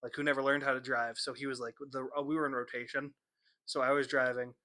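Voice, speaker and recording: Bright-voiced young man telling stories. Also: mid-range voice, fast talker. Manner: animated, acts out quotes with laughter. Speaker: podcast co-host. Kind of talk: casual storytelling chat.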